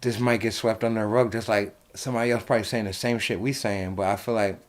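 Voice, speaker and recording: A young man from New Jersey hosting a casual late-night chat, rambling and animated, swearing freely. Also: fairly low pitch, quick pace. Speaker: host.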